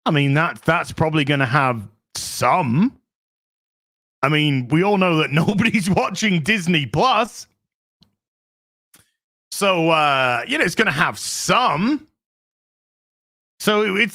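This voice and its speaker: A man hosting a live stream, talking excitably to his chat, swearing freely as he reacts to the news. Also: on the high side, takes it slowly, pauses often. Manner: excitable, swears, chats to viewers. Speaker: streamer host.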